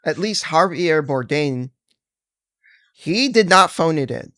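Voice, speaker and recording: A man's voice: a little high, expressive, takes it slowly, sharp tone, no room sound, clean studio sound. A man co-hosting a casual podcast discussion, easygoing and enthusiastic, laughing often. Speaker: podcast co-host.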